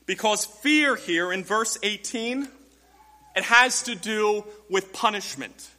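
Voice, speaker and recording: A man's voice: high voice, slow, bright, forceful tone, big-room sound. A man preaching a sermon to his congregation, emphatic, with rhetorical questions and direct address to the church. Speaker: pastor.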